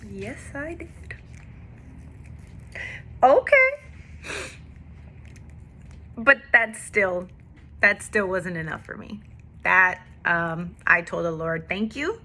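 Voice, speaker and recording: In a personal vlog, a woman with a daughter gives a candid, emotional faith testimony. Her lowish voice is sharp in tone with lively intonation, and she speaks very slowly, pausing often, in a confessional way.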